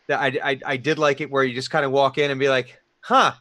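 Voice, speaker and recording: A man who is the game master, talking through a session recap in a halting way with many ums and restarts. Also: mid-range voice, level tone, fairly bright tone, no room sound. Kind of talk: post-session recap chat.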